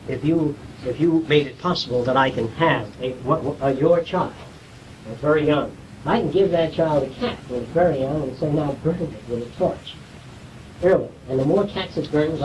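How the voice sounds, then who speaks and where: A man's voice: a little high, a little mellow, a little hiss or hum. Distant archival lecture, man explaining. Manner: conversational, explanatory, asks listeners if they follow. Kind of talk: informal lecture to a small audience.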